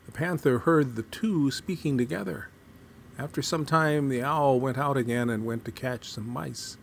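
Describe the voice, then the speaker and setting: A man reading a folk tale aloud with a measured, deliberate storytelling cadence. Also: mid-range voice, vocal fry, a little hiss or hum.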